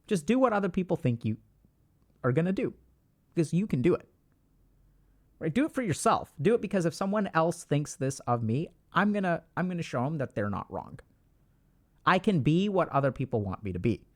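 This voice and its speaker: A man in his thirties talks straight to his livestream chat, handing out blunt life advice. His voice sits a bit high for a man and leaps up and down with lots of lively movement, and he is emphatic and casually profane. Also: brisk, long pauses. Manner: emphatic, animated, swears casually.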